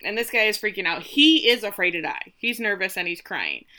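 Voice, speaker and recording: Female co-host, chatty recap from notes, bright voice. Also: medium pitch, lively intonation, fairly quick. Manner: reads from notes, acts out quotes. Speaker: podcast co-host. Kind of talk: casual recap chat.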